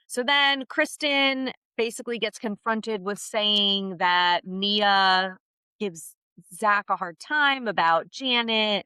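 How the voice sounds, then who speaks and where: Blunt woman with a bright voice. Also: medium pitch, clean tone, no echo. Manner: blunt, opinionated, animated storytelling. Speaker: podcast co-host. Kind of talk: casual gossip chat.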